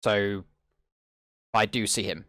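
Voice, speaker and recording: A man's voice: on the low side, steady tone, takes it slowly, sharp tone, no echo, studio quality. Curious man playing a tabletop game. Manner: curious, asks many questions. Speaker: player.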